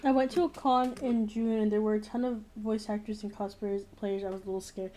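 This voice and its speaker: A young woman talks casually at a middle pitch, wandering through her thoughts with plenty of fillers and restarts. She is blunt and opinionated about what she likes and doesn't. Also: little pitch movement, brisk, dark tone, slight background noise. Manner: rambling, frequent fillers and restarts. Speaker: streamer. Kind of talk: casual chat.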